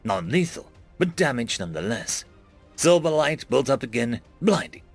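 A man narrating a web serial in first person, dramatic and expressive, dropping to a hush at pauses. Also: medium pitch, creaky, soft background music. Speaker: audiobook narrator.

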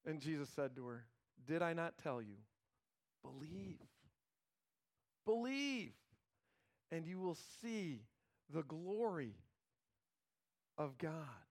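A pastor preaching a sermon, retelling a scripture story with earnest emphasis, informal asides and dramatic pauses. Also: male voice, on the high side, expressive, darkish tone.

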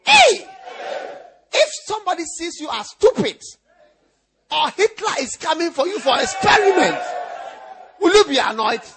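A man preaching a sermon as pastor, teasing his listeners with repeated lines and breaking into shouts and laughter. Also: very high-pitched, big pitch swings, measured pace, long pauses, crowd noise.

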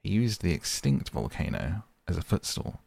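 A man reading a storybook aloud as narrator, measured and gentle. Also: sits low, sing-song, creaky. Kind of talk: audiobook reading.

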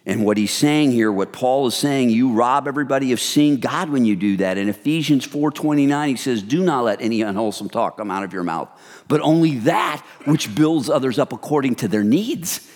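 A man preaching an animated sermon, his voice sitting in the middle of the male range. He slips into hushed asides to act out everyday gossip. The sound carries a long hall reverb. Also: medium pitch, brisk. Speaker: pastor.

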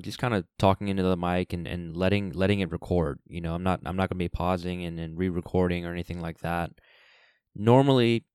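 A man with a very low, resonant voice hosts a solo podcast, thinking aloud in an earnest, reflective way. He often stops and restarts his sentences. The sound is dry and close, with no room echo. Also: darkish tone, smooth. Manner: halting, with many restarts and fillers. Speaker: podcast host. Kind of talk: unscripted solo podcast monologue.

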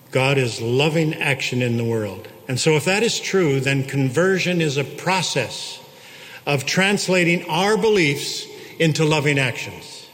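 A man preaching a sermon, slow and reflective, with long pauses between phrases. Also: on the high side, a bit bright. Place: church. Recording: long church reverb.

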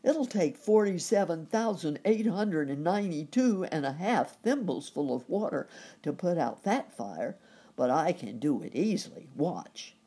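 A woman's voice: low voice, expressive, unhurried, dark tone, slightly rough, heavily acted. Woman voicing a boastful big elephant. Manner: boastful, emphatic.

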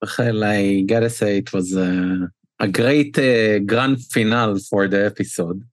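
A man's voice: lowish voice, steady tone, unhurried, no room sound, studio quality. A man with an Israeli accent hosting a podcast, chatting with a guest and then reading an earnest sign-off. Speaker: podcast host. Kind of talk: podcast interview and outro.

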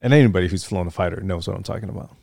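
Deep gravelly man, casual storyteller. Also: very fast, dry recording, clean studio sound. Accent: Vietnamese. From Vietnam. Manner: relaxed, rambling, heavy fillers like "you know". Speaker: interview guest, retired Marine fighter weapons officer.

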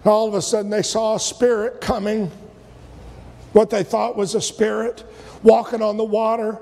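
A man preaching a sermon, retelling scripture stories and acting out the voices, sometimes rising to shouts. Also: sits high, level tone, moderate pace, gravelly. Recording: long hall reverb.

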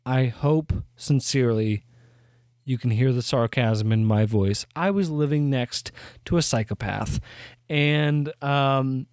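A young man hosts his own podcast and tells a long story in a loose, rambling way. He trips over his words and restarts sentences, and his humor is dry and sarcastic. His voice sits at an ordinary middle pitch, recorded close and dry with no room sound. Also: slow, darkish tone, no room sound. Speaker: podcast host. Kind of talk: casual storytelling monologue.

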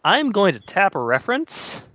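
A man talks through a tabletop game in a hurried, flustered way. His voice sits a little high and sounds bright and sharp, recorded dry and close. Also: wildly swooping pitch, dry recording. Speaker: player. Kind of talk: tabletop play.

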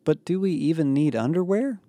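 A man's voice: medium pitch, normal speed, darkish tone, no echo, lightly acted. A man voicing a skeptical teenage girl who complains and questions everything. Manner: suspicious, complaining.

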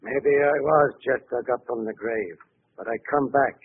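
A man's voice: mid-range voice, a little hiss or hum, natural voice. Carnation Charlie, a man playing a vengeful gangster back from death. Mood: menacing. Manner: slow, taunting, cold. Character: vengeful male gangster back from the electric chair. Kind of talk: 1940s radio acting. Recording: tinny old radio broadcast.

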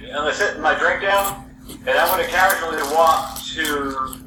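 A man's voice: on the high side, unhurried. A man playing his character in a tabletop game, casual, often stopping and restarting. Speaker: player. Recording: distant mic, echoey room, clear background noise.

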